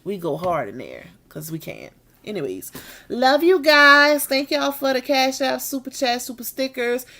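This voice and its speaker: Her voice is on the high side and creaky, with big swings in pitch. Tired and yawning, the live-stream host chats with viewers about needing a nap, drawling Southern-style slang such as y'all and baby.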